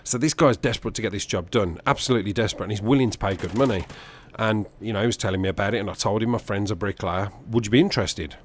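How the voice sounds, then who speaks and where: A man's voice: lowish voice, slight background noise. A young man telling a personal anecdote over gameplay, as a gaming video host. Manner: animated, quick anecdotal storytelling.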